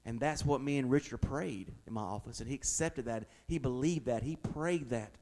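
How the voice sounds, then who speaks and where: A man's voice: medium pitch, moderate pace, a little mellow, slight background noise. A man, a pastor preaching a conversational sermon that builds to emphatic, raised passages.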